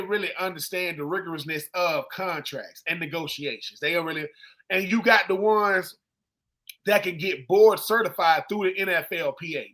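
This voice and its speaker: A man with a high, bright voice spins a casual story on a sports podcast. He slips into the voices of the people he quotes. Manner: animated storyteller who acts out quoted people. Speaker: co-host, former football player.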